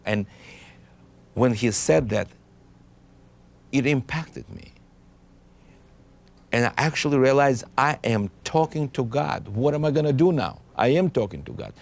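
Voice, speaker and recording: A man from Ukraine, telling his life story in an interview in an earnest, halting way, often restarting his sentences. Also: medium pitch, animated, vocal fry. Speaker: interviewee giving a testimony. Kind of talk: personal testimony interview.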